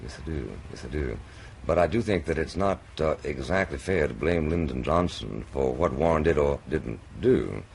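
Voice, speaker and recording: A man's voice: rumbling low, expressive, normal speed, vocal fry, hardly any pauses, darkish tone. A man hosting a televised debate, drawling, hesitant and full of stammered restarts, in an old TV recording. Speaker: host. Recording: faint noisy old TV recording.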